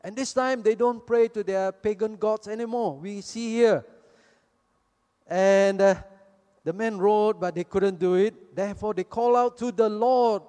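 Man, preaching a sermon in a slow, unhurried delivery, echoing through a reverberant hall. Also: sits high, warm tone. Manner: acts out the people in the story as he retells it.

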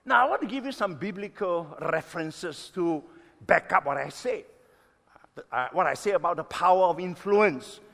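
Man, 60s, pastor, sermon, high pitch, emphatic, loud-soft swings, long hall reverb. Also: expressive, gravelly. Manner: emphatic, stretching key words slowly, swinging between loud and soft.

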